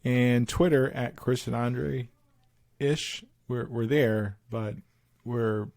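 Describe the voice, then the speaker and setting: A man's voice: mid-range voice, slow pace. Laughing podcast co-host man. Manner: laughs through his stories, animated retelling. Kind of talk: casual chat.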